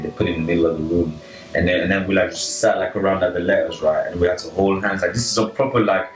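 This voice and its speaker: A man's voice: deep voice, fast talker. A young man, casually telling a story on a podcast, piling on filler words and checking in with "right?". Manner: animated, filler-heavy, full of "like" and "right?". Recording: echoey room, slightly distant, faint music.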